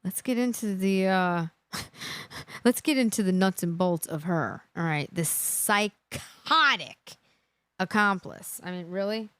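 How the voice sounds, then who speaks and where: A woman's voice: fairly low pitch, unhurried, clean tone, no room sound. A woman hosting a live true crime reaction, indignant and emphatic, repeating her points for effect.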